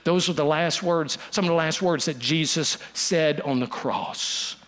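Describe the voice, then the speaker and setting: High-voiced preaching man. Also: unhurried. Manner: preaching with dramatic dips to a hush and rises to urgency; quotes and repeats lines for emphasis. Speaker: pastor. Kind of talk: sermon.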